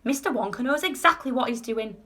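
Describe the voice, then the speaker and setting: A gentle old grandfather from a storybook, read by a woman. He speaks calmly and hushes others. Loyal and steady. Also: fairly high pitch, fairly quick, pitched above the performer's own voice. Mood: hushing.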